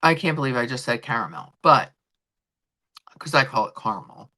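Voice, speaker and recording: Woman streamer, casual rambling chat, swears freely, very animated pitch, bright tone. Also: normal speed. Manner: talks to chat viewers directly. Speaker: livestream host.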